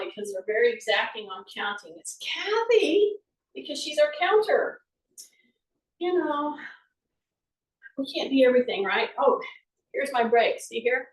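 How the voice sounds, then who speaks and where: A woman with a high voice talks through a workout, chatty and encouraging as she demonstrates each move. She sounds a little away from the mic in an echoey room. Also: far from the mic. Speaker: fitness instructor. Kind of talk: live exercise class instruction.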